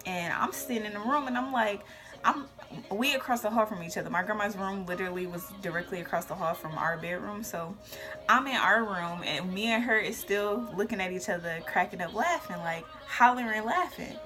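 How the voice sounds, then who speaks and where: Young woman, casual storytime, animated delivery, music behind. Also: mid-range voice, brisk. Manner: animated storytelling with whispered asides and shouted quotes. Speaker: vlogger.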